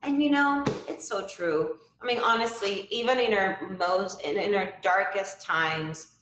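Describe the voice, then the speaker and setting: A woman's voice: mid-range voice, fairly bright tone, reverberant. Chatty upbeat woman hosting a stream. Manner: upbeat, chatty, many fillers. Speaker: livestream show host. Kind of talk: casual live-stream talk show.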